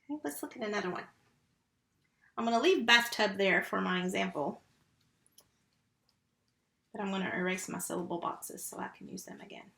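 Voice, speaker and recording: A woman who teaches first grade, giving a slow, patient remote phonics lesson and sounding out syllables and letters. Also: medium pitch, fairly bright tone, reverberant.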